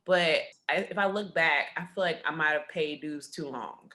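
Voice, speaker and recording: A woman journalist speaking as an interview guest, outspoken, blunt and expressive. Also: low voice, moderate pace. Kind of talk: conversational interview.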